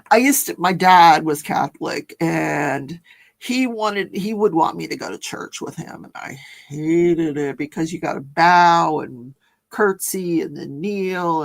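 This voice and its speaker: A woman's voice: lowish voice, vocal fry. A chatty, giggly woman hosting a casual livestream, reading out viewer comments and reacting to them. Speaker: livestream host. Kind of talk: casual live-stream chat.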